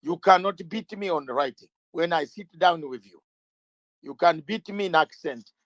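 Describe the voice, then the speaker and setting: Fiery high-voiced man arguing. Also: normal speed, a bit bright, dry recording. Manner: emphatic, rhetorical questions, repeats phrases. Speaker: lawyer interviewee. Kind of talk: impassioned interview talk.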